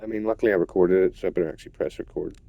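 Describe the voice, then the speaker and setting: A man's voice: low-pitched, steady tone, racing, gravelly, phone-quality sound. A man ranting and swearing as he comments on his own gameplay, repeating himself in frustration. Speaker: gamer.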